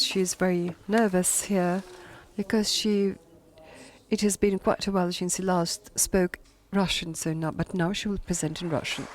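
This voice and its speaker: A woman's voice: on the low side, darkish tone. A woman introducing a guest speaker at a public lecture. She is admiring and often restarts her sentences.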